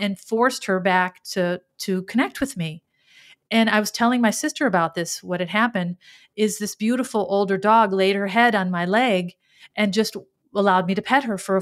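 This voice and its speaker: Earnest, emotional middle-aged woman host. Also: mid-range voice. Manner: earnest, emotional, with frequent restarts. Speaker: podcast host. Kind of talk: reflective spiritual monologue.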